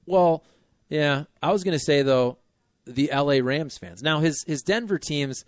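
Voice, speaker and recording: A man hosting a sports talk radio show, chatting casually with animated, joking asides. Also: a little high, unhurried, no room sound.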